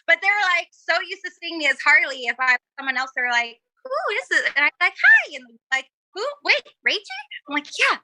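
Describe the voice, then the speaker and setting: A woman's voice: high voice, animated, fairly quick, sharp tone, dry recording, poor audio. A young woman, a cosplayer guest on a casual podcast, telling stories in a bubbly, giggly way and acting out quotes.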